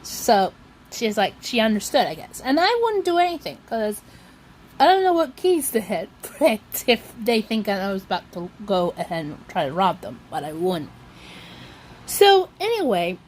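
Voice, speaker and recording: A woman's voice: medium pitch, a little hiss or hum. A woman vlogger telling a long story in a casual, rambling way, often circling back with "so anyway".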